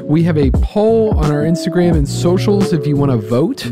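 Animated man telling a funny story. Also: a little high, moderate pace, loud music behind the voice. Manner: animated storyteller, acts out voices of others. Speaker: podcast co-host. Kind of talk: casual chat.

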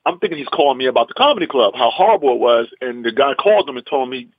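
Husky animated man telling a story. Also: medium pitch, rapid-fire, lo-fi sound. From US East Coast. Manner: animated, punchy, repeats "man". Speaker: comedian. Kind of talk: storytelling anecdote.

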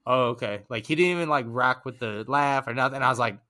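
A man's voice: medium pitch, fast, bright, forceful tone, no echo, clean studio sound. A man telling a laid-back, slangy anecdote in casual chat and acting out both sides of the exchange.

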